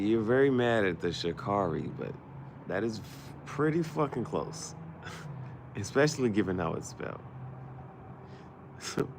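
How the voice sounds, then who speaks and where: A deep, gravelly man drawls through a joking, wandering monologue. He talks slowly and laughs often. The recording is noisy, with vehicle sounds behind him. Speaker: vlogger. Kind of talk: casual rambling monologue.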